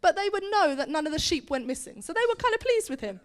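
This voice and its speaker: A woman's voice: very high voice, fast. A woman leading a seminar, telling a Bible story to a group and acting out the characters. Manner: animated, acts out characters with put-on voices. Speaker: seminar speaker. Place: meeting hall or seminar room.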